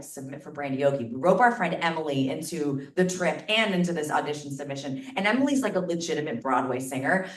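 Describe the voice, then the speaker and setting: A woman telling a personal story live to an audience, chatty and animated, packing her sentences with "like". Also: on the low side. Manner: chatty, animated, lots of filler "like". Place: stage before a live audience. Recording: echoey room, mic at a distance.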